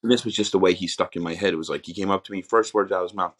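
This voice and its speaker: A man's voice: sits low, very fast, a bit bright. A middle-aged man, a podcast guest, candidly telling his life story in a raw, rambling way with many restarts.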